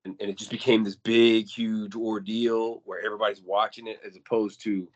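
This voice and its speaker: A man with a low-pitched voice talking on a casual podcast. He gets animated and acts out the voices he quotes, often repeating words as he goes. The audio sounds somewhat dull and lo-fi. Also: normal speed. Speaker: podcast co-host.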